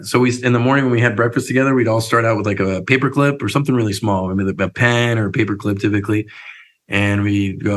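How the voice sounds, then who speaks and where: A young man telling stories as a podcast guest, upbeat and animated, acting out little quotes. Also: on the low side, fast, low-quality recording. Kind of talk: casual interview storytelling.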